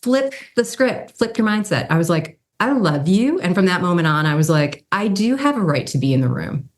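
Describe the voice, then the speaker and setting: A brand strategy consultant and model in her fifties, appearing as an interview guest, tells stories in a relaxed, chatty, brisk way. Her voice is low, yet it leaps up in pitch whenever she animatedly acts out the people she's quoting.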